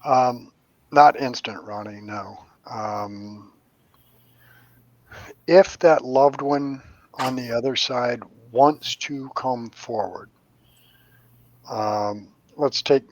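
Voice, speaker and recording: A man's voice: medium pitch, extremely slow, pauses often, dry recording, poor audio. A middle-aged man, a medium, telling stories in casual chat. He swears freely and acts out the voices of the people in his stories. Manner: animated, profane storyteller acting out voices.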